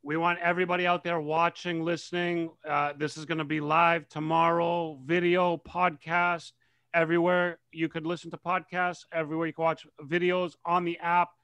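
High, gravelly man, excitable podcast host. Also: moderate pace, no room sound, dull audio. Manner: excitable, animated storyteller. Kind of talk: casual podcast chat.

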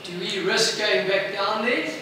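A man's voice: high-pitched, a little slow, voice pushed up. A man voicing worried, scheming male demon minions in a joke. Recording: echoey, noisy, far from mic.

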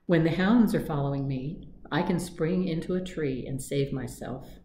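A modest little she-cat, polite and earnest in her speech, read by a woman in a storybook voice. The tone is low and mellow, in an echoey room with faint ambience. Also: moderate pace, slight background noise, lightly acted. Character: modest, friendly female cat.

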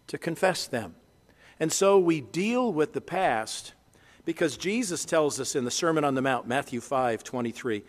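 A man preaching a sermon as pastor, animated, leading the congregation to repeat phrases after him. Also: on the high side. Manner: animated preaching, leads congregation in call-and-response. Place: church sanctuary. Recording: long church reverb.

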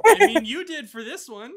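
A man running a tabletop game as game master, narrating with lots of fillers and laughs. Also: extremely high pitch.

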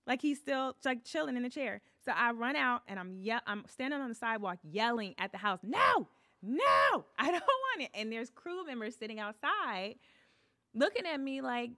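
Woman guest spinning a funny story, kinda high voice, super bright, acts out everybody's lines. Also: normal speed, dry recording. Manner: expressive, acts out what people said, laughs often. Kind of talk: animated casual storytelling.

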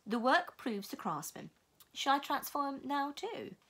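A woman voicing a quaint elderly woman who speaks in measured tones and quotes foreign sayings. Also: high voice, very animated, fairly bright tone, pitched above the performer's own voice, heavily acted. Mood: wry.

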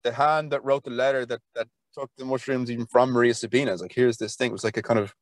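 Speaking fast in a mid-range, fairly even voice, an Irish folklore archivist guests on a podcast for a conversational interview. He's enthusiastic and rambles, with plenty of fillers and restarts, and the audio has no echo.

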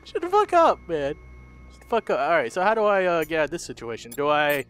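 A man commentating a let's play in a loud, excitable way, shouting and swearing at the game. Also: a little high, fast, a little hiss or hum. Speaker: gamer. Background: game music.

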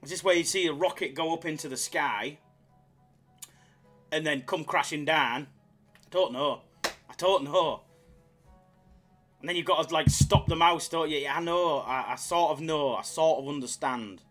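A man chatting casually on his live slots stream, excitable and self-mocking, swearing freely as he reads the chat. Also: on the high side, normal speed, long pauses, faint music behind.

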